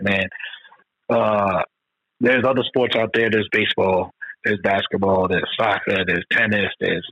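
A man's voice: on the low side, no echo, lo-fi sound. A man co-hosting a casual sports podcast, getting worked up as he acts out his own reactions to games. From Georgia, US. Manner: excitable, acts out game reactions. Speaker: podcast co-host.

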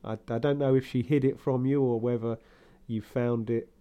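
A man co-hosts a podcast in casual, rambling chat, laughing often and occasionally slipping into camp put-on voices. His voice is medium-pitched with fairly even intonation at normal speed, and the highs are cut off.

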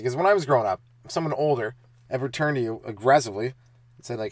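A man in his thirties hosting a comedy podcast, telling stand-up stories and acting out the people in them with sudden loud, high bursts. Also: quick pace, dry recording. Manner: animated, acts out kids' taunts with sudden loud high bursts. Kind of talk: comic storytelling monologue.

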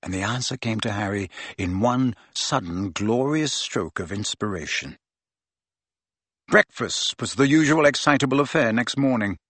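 A man's voice: on the low side, lively intonation, normal speed, fairly bright tone, no echo. A man reading a novel aloud as a narrator, telling the story expressively. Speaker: audiobook narrator. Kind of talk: scripted narration.

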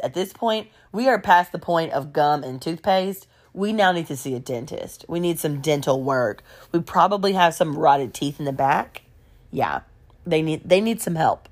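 A woman telling a gossipy story in casual storytime style, animated and laughing along. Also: low-pitched, moderate pace.

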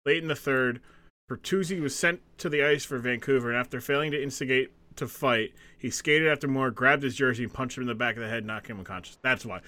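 A man's voice: medium pitch, fast talker, bright, forceful tone. A man co-hosting a wrestling podcast in casual chat, laughing often and rambling between points. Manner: laughing, rambling, reads facts aloud. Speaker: podcast co-host.

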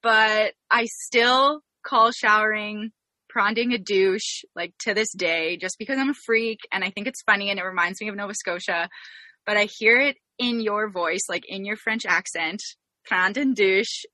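A woman's voice: medium pitch, moderate pace, pushed and bright, no echo. A young Canadian woman hosting a podcast, telling a story in a bubbly, giggly way. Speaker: podcast host. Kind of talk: casual interview chat.

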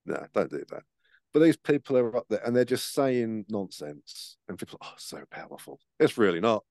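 A man's voice: lowish voice, big pitch swings, normal speed, darkish tone, no echo, clean studio sound. A man chatting casually on a podcast, swearing freely and acting out the voices in his stories. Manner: sweary, storytelling with acted-out voices. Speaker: podcast co-host. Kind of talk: casual chat.

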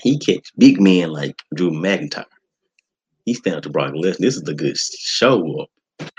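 Excitable man, husky lively commentary. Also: measured pace, low-quality recording. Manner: animated, casual slangy talk with sudden high excited shouts. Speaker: podcast host. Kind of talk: excited live wrestling watch-along commentary.

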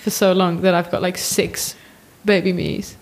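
A woman's voice: fairly low pitch, level tone, measured pace, poor audio. A young woman, a comedian guest chatting casually and riffing on jokes. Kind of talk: casual chat.

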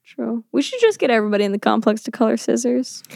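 A young woman co-hosting a movie podcast, quick and joking in casual chat. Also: a little high, big pitch swings, gravelly, a little mellow, dry recording, studio quality. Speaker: podcast co-host.

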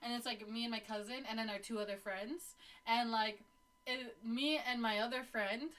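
A young woman co-hosting a podcast, chatting casually in an excitable way, laughing often and swearing freely. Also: on the high side, moderate pace. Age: young adult. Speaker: podcast co-host. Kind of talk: casual chat.

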